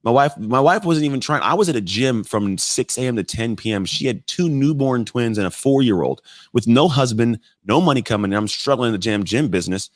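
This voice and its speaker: A man in his thirties, a podcast guest, telling personal stories in an animated, blunt way with casual swearing. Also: mid-range voice, brisk, few pauses, dry recording, studio quality. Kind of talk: casual storytelling in conversation.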